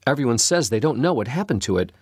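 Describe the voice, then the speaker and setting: A man voicing a gentle, worried mother in a storybook reading, speaking softly and earnestly, a little above his own pitch. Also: big pitch swings, fast talker, husky, no echo, studio quality. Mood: troubled.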